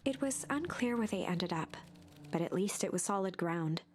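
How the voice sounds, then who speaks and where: A woman narrating a storybook adventure game in a calm, even, scripted storytelling voice. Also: lowish voice, normal speed, heavy background noise, natural voice.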